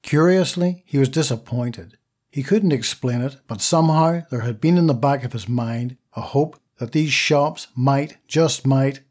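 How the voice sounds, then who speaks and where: A man narrating a short story as an audiobook, steady and even. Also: mid-range voice, moderate pace, breathy edge. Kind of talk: scripted narration.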